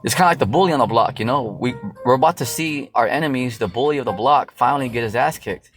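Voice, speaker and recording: A man preaches from scripture in a loose, street-level way, peppering every thought with "you know" and swearing freely. His voice sits at an ordinary pitch. Faint music plays underneath. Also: quick pace. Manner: loose and profane, full of fillers and "you know". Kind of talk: casual Bible teaching.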